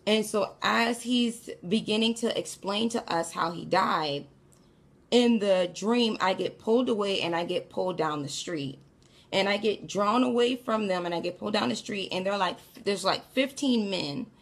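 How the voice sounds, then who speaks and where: A woman with a husky, breathy voice tells a dream story as casual spoken testimony. Her pitch sits in the middle of the range. She talks straight to her listeners in a chatty way. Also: moderate pace. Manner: chatty, addresses listeners as y'all.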